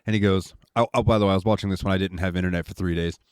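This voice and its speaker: Give me a male podcast co-host with a lowish, lively voice, recorded dry. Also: rapid-fire, smooth, no room sound. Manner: animated storytelling with laughs and voices. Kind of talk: casual chat.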